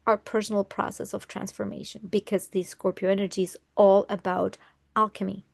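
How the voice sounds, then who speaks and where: A woman's voice: mid-range voice, no echo, studio quality. A woman astrologer giving an earnest, casual talk, often restarting her phrases and laughing lightly between thoughts.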